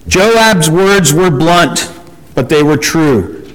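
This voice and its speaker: A man preaching a sermon and reading scripture aloud, animated and acting out the voices of people in the story. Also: fairly high pitch, a little slow. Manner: animated, acts out quoted voices. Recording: long hall reverb.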